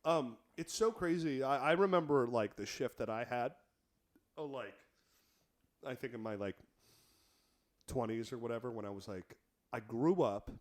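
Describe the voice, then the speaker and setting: A man's voice: medium pitch, moderate pace, long pauses. A young man co-hosting a podcast, talking in a casual, rambling way with lots of filler words. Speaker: podcast co-host. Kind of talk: casual chat.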